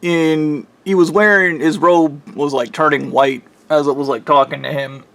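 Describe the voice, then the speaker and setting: Male vlogger, slightly high pitch, rambling, profane, frustrated casual monologue. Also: fairly even intonation, normal speed, creaky, a bit bright, no echo. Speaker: vlogger recounting a dream.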